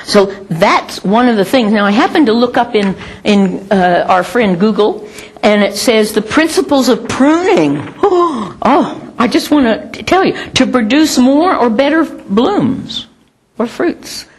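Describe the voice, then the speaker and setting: A woman's voice: fairly high pitch, lively intonation, unhurried, slightly rough. A middle-aged woman preaching a sermon in a conversational, emphatic way with self-mocking humor.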